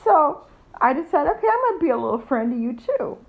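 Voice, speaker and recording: A woman's voice: high-pitched, sing-song, fairly quick, creaky, narrow, tinny audio. Blunt, profane middle-aged woman venting. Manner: rambling with many fillers. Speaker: vlogger. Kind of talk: casual storytelling.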